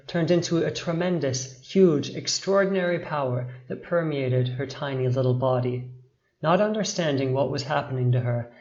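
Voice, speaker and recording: A man narrating a bedtime story in a slow, expressive, dramatic way. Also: medium pitch, echoey room, muffled recording.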